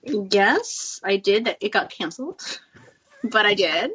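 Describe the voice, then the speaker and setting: A woman's voice: mid-range voice, expressive, takes it slowly, fairly bright tone, muffled recording, a little hiss or hum. A woman in her forties from Long Beach, California, with an American accent, chatting frankly and laughing often as a guest on a call from home. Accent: Southern Californian American. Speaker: guest actress. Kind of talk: casual chat. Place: home, with children nearby.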